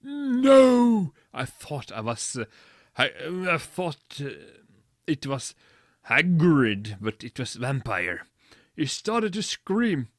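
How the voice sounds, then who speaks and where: A man's voice: medium pitch, expressive, slow pace, fairly bright tone, no room sound, clean studio sound. A man reading a badly written story aloud for comedy, mocking it and stumbling over its misspellings. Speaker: reader.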